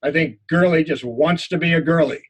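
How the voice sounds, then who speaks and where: A man's voice: fairly high pitch, normal speed, slightly rough. A man playing a sneering sidekick boy. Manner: mocking.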